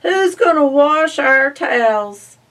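A woman putting on a gang of pushy storybook pigs, squealing high and loud as they demand their turn. The voices are slow and drawn out, and the recording is distant with a faint hum. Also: animated, heavily acted.

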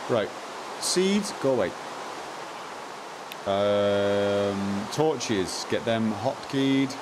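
Excitable man muttering over gameplay. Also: on the low side, very slow, noisy background. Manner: mutters to himself, repeats lines, excitable outbursts. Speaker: streamer. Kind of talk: live gameplay commentary.

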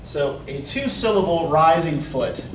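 A man's voice: a little high, animated, a little slow. A man teaching a college poetry class, explaining with a habitual "right?" to his students. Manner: explanatory, often checks in with "right?". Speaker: college English instructor. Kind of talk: classroom lecture. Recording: echoey classroom from far off, faint noise.

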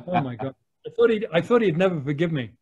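An English man, a wildlife photographer, telling lively anecdotes with the odd mild swear word over a video call. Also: on the high side, fast, breathy edge, muffled recording. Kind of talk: anecdotal storytelling.

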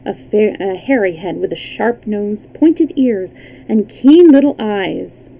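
A woman reading a children's book aloud on a livestream, lively, with small slips and restarts. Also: mid-range voice, slow pace, creaky, poor audio. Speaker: storyteller.

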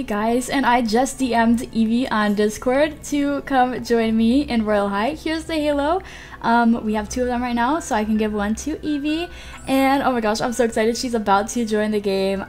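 A woman hosting a gameplay vlog, talking in a gushing, excitable way and often repeating herself. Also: fairly high pitch. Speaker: gaming channel host.

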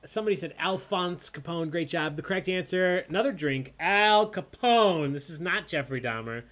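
A man's voice: a little high, brisk, fairly bright tone. Joking man hosting a trivia stream. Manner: joking, chatty, drinking as he hosts. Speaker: trivia host.

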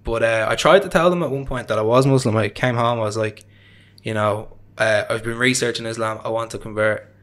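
Young irish man, interview guest, casual rambling storytelling, lots of fillers, mid pitch. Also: steady tone, brisk, fairly bright tone. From Ireland. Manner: rambling, chatty, with frequent fillers and self-deprecating laughs.

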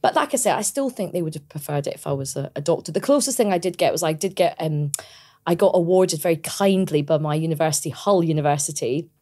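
A Scottish woman in her forties chats as a podcast guest, lively and quick to laugh. Her voice sits on the low side for a woman, and she tells her stories with plenty of animation. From Scotland. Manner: lively storyteller, laughs often, mimics her parents. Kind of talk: casual interview chat.

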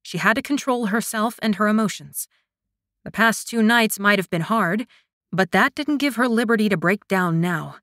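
Soft-spoken woman narrating a romance. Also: mid-range voice, moderate pace, dry recording, studio quality. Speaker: audiobook narrator. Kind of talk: scripted narration.

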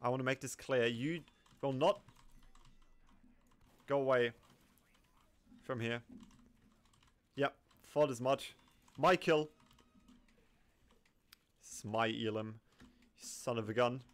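A gaming commentator narrates his match live in an ordinary middle pitch, chatty and jumpy, taking it slowly with long pauses. He's excitable, dropping to quiet mutters under his breath, then yelping, laughing and bursting out when danger appears, with faint keyboard clicks behind him.

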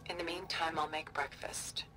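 An actress voicing a calm, refined older woman ally in a video game cutscene, measured and reassuring, softly spoken. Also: low voice, natural voice. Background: game music.

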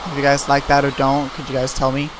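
A man's voice: medium pitch, fast talker, background noise. A young man giving casual, rambling commentary on his gameplay, with plenty of fillers. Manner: relaxed, rambling, many fillers. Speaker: gameplay video creator. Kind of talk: casual let's-play commentary. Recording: home recording with clear game music.

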